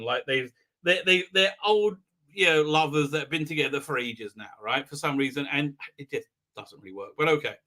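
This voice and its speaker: Guy on a live stream ranting through an episode recap, lots of uhs, really bright sharp voice, sits a bit high. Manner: rambling, sarcastic, heavy fillers. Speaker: host.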